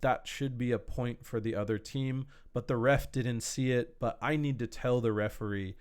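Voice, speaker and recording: A man's voice: medium pitch, normal speed, darkish tone. A man teaching an online English lesson to a camera in a room, explaining words patiently with simple examples. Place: indoor room, warm. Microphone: speaking to a camera.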